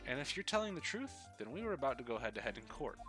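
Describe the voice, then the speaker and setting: A man's voice: mid-range voice, very animated, quick pace, over music, lightly acted. A man voicing a teasing, flippant young woman while reading a video game aloud on a live stream. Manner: mocking, flippant.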